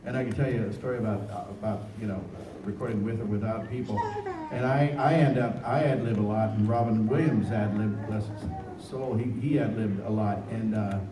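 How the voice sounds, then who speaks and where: A man on a convention panel, telling stories to an audience in an animated, laughing way, recorded from the audience in a large hall. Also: mid-range voice, background noise. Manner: animated, laughing, chatty with fillers. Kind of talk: anecdotal storytelling to an audience. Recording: echoey hall from far off in a crowd.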